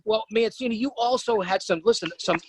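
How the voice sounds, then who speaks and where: Man, podcast host, emphatic interviewer, high pitch, dry close mic. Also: a little fast, slightly rough, no room sound, low-quality recording. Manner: emphatic, addresses guest by surname. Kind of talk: interviewing from notes.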